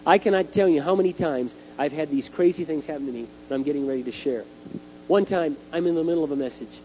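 A middle-aged man delivers a sermon and acts out his stories as he goes. His voice sits a bit high but sounds mellow. The dull lo-fi recording carries a faint hum. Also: fast talker. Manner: animated storytelling, acting out scenes. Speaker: youth speaker.

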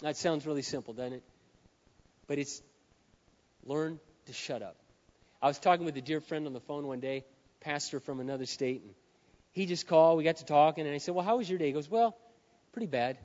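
A man's voice: fairly high pitch, brisk, pauses often. Emphatic preaching man in a ringing hall. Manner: emphatic preaching, dropping to hushed lines then building to shouts. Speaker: pastor. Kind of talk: sermon. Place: large hall with a live audience. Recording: dull, reverberant hall sound.

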